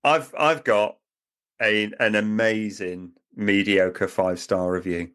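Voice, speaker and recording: Man, lowish pitch, rambling, laughs a lot, casual podcast chat. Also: fairly even intonation, slow, a bit bright, smooth. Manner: rambling, chatty, laughs often. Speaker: podcast co-host.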